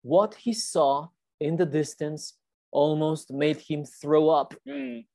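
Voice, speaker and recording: Low-voiced lady teacher reading a kids' book on a video call, slow and patient, stops to explain words. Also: expressive, gravelly, dark tone, dry recording. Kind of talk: reading a storybook to children.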